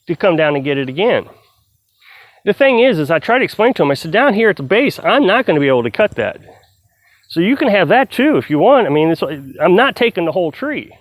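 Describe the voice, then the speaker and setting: Man with a lively, swinging voice. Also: on the high side, dry recording. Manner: rambling, retelling a story with frequent restarts. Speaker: vlogger on off-grid living. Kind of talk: casual talk to camera. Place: outdoors in a town park, cutting firewood.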